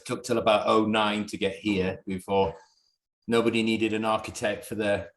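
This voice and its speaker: A man's voice: on the low side, little pitch movement, moderate pace, reverberant. A man with a Northern English accent, chatting on a video call from a bedroom at home, rambling and laughing. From Northern England. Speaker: distillery founder. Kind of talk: casual video call chat.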